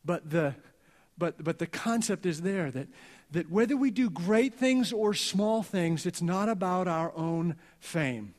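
A male pastor preaching a sermon earnestly, going soft and slow on key lines. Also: high-pitched, lively intonation. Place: church sanctuary. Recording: long reverb of a church hall.

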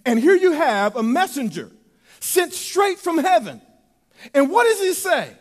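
A man preaching a sermon in an animated way, swinging from loud to soft, in a church sanctuary. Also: extremely high pitch, measured pace, in a large hall.

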